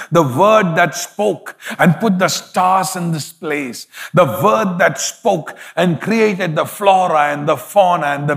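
A man's voice: fairly high pitch, creaky, long reverb tail. A man preaching a sermon as pastor, emphatic, with frequent hallelujahs.

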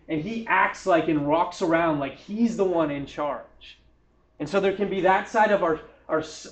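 Man preaching a casual, rambling sermon. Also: a little high. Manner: conversational, rambling with many fillers and restarts. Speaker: pastor. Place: church hall.

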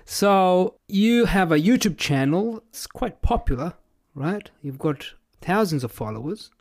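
A man hosting a podcast interview, asking curious, measured questions. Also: high voice, expressive. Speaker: podcast host.

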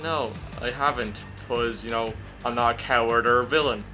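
A man's voice: mid-range voice, fairly even intonation, moderate pace, pushed and bright, soft background music, lightly acted. A man voicing a smug, arrogant male villain who talks down to others. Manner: smug, dismissive.

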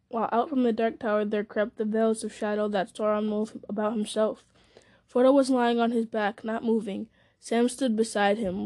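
A woman narrating a fantasy novel aloud in a steady, measured storytelling manner. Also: a little high, no room sound. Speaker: audiobook narrator.

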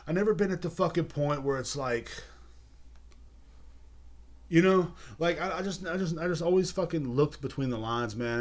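A young man rants casually on his home podcast. He swears nonstop and rambles, often repeating words and phrases. His voice sits at an ordinary middle pitch. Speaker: podcast host. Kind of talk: casual ranting monologue.

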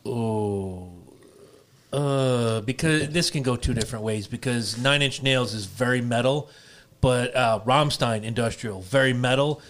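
Male voice, middle pitch, wry quips, casual podcast chat. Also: fairly bright tone. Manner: wry, sweary, quick quips. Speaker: podcast producer.

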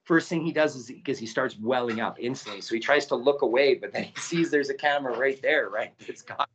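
A man talking as a podcast guest and documentary producer, telling stories in a casual, animated way and acting out quotes, with many "right?" tags. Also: mid-range voice, brisk, slight background noise. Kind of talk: casual storytelling. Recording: dull lo-fi audio.

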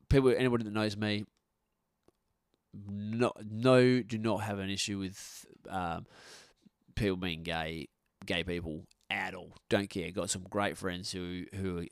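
A middle-aged man riffs on his podcast, his low voice gravelly with fry. He talks bluntly and swears freely, circling back and restarting his sentences. His voice is dry and close. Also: fairly even intonation, a little slow, dry recording. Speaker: podcast host. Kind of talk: casual podcast rant. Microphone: podcast microphone.

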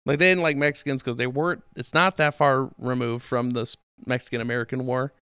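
A man's voice: medium pitch, fairly even intonation, brisk, bright, forceful tone, clean tone, dry recording, studio quality. A man hosting a podcast, telling history casually and animatedly, with swearing and silly quoted voices. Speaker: podcast host.

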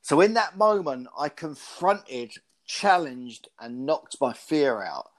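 A British former pro boxer and speaker, appearing as a guest, tells stories in a casual interview. He's an animated storyteller with frequent restarts, and his fairly high voice moves slowly.

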